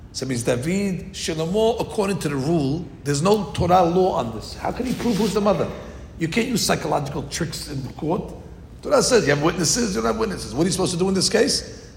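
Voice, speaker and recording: A man giving an informal Torah class, telling the story lively acted-out voices. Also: a little high, moderate pace, gravelly. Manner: animated storytelling, acting out quoted voices. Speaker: Torah teacher. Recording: echoey hall with faint noise.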